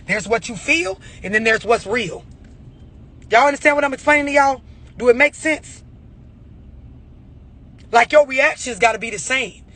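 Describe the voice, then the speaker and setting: A man's voice: very high voice, moderate pace, long pauses, pushed and bright. A man giving a blunt, profane motivational rant about overreacting, full of rhetorical questions. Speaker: motivational speaker.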